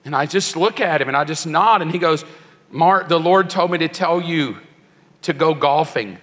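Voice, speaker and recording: A sixtysomething preacher addresses young people in a big church hall, recounting a personal story with feeling and voicing the other characters himself. He talks at a moderate pace in a rather high, slightly bright voice, and the hall's long reverb is audible.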